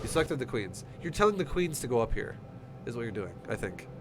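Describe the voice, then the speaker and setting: A man's voice: medium pitch, big pitch swings, brisk, noisy background. A man coaching a player through a game replay in a casual streaming session, blunt and heated, swearing often. His nose is running. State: runny nose. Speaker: StarCraft coach reviewing a replay. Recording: music playing underneath. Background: music.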